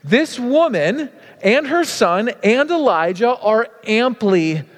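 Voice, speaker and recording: A man's voice: very high voice, takes it slowly. Casual preacher man, long hall echo. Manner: casual and animated, many fillers. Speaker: pastor. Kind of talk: sermon.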